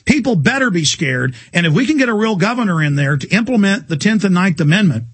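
A man hosting a political talk radio show, ranting fast and emphatically. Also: high-pitched, animated, slightly rough. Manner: fast, fervent, emphatic rants.

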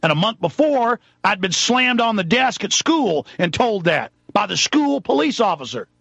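A man from Texas hosting a talk show, ranting angrily and shouting accusations into the microphone. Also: high-pitched, very animated, moderate pace, vocal fry, husky, no room sound. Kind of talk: angry political rant.

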